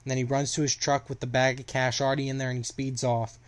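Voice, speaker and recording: A man's voice: mid-range voice, level tone, fast talker. A young man casually retelling a story in a rambling way, with lots of fillers and restarts.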